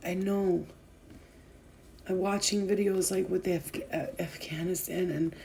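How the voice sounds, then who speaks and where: A woman's voice: fairly low pitch, fairly even intonation, measured pace, gravelly, mellow, poor audio. A young woman talking to her viewers in a rambling, heartfelt way, full of fillers and restarts, and tearful at times. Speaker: spiritual vlogger. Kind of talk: emotional casual talk to viewers.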